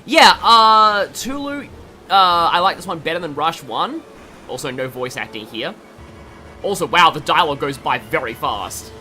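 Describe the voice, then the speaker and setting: Australian man, casual game commentary, rambling, animated pitch, bright tone, faint game music. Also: normal speed. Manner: rambling, chatty, laughs often, many fillers. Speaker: gaming video host.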